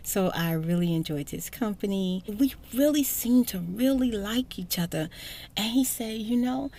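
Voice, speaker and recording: Brief: woman host, casual ASMR storytime, chatty and emphatic, slips into whispers, mid pitch. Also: animated, normal speed, warm tone.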